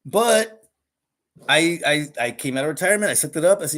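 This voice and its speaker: A middle-aged podcast host rants bluntly and profanely in a casual monologue during a live podcast recording. His voice is on the high side, animated, brisk and a bit bright.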